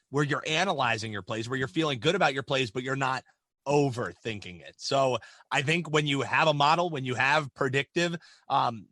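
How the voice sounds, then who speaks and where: Upbeat guy cohosting a betting podcast, bright voice, stumbles and repeats words a lot. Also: mid-range voice, dry recording. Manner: energetic, repeats words when starting phrases. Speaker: podcast co-host. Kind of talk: casual sports betting chat.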